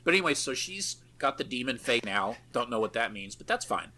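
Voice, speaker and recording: A man's voice: mid-range voice, big pitch swings, a little fast, bright, forceful tone. A man co-hosting a podcast, recapping a film in a loose, profane way with lots of fillers and easy laughs. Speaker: podcast co-host. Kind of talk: casual chat recapping a film.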